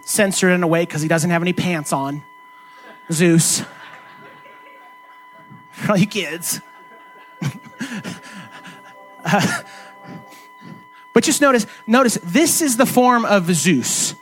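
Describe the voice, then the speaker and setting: Male pastor, high pitch, loose conversational preaching with rhetorical questions. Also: expressive, takes it slowly, long pauses, faint music behind. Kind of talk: sermon.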